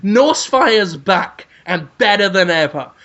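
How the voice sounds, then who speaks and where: A man's voice: sits high, takes it slowly, lo-fi sound. A man, a podcast co-host telling a crude comic story with energy. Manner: energetic, crude, hums tunes. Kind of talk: comedic storytelling chat.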